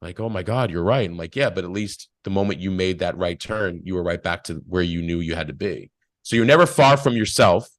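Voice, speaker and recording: A man's voice: low voice, a little fast, no room sound. A man talking casually and reflectively as a podcast guest, telling stories with quoted voices. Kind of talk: casual spiritual talk.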